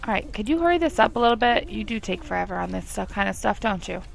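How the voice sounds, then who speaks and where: Expressive and fast-talking, this young gameplay commentator has a medium-pitched voice with vocal fry. She narrates a life-sim game in a chatty, laid-back style, laughing frequently and addressing the characters directly.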